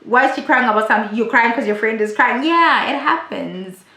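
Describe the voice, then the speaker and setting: A woman's voice: on the high side, lively intonation, a little fast, pushed and bright. Blunt woman in a roomy room. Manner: chatty, blunt and profane. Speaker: reality TV recap vlogger. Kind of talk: casual recap commentary. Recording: roomy echo.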